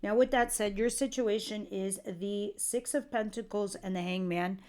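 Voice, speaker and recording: A woman's voice: medium pitch, normal speed, darkish tone. Middle-aged woman, tarot reader, loose and talkative, plain mid-range voice. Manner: chatty, jokey, talks straight to viewers. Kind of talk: casual tarot reading monologue.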